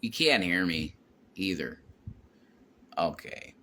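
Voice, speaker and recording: A man's voice: deep voice, lively intonation, takes it slowly, bright, forceful tone, slight background noise. A man rambling and swearing as he walks around his house, vlogging into his phone. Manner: rambling, repeats himself, swears a lot. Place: home, walking around with a phone.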